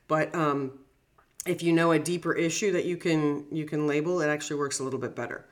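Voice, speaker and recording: Middle-aged female coach, lively and chatty, acts out examples. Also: deep voice, fairly quick. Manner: animated, laughs easily, acts out examples. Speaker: negotiation coach. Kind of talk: casual podcast chat.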